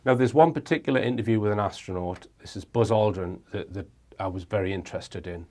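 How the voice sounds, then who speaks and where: Low-voiced man talking hesitantly. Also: quick pace, a little mellow. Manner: hesitant, with restarts and fillers. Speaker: presenter. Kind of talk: informal talk to camera.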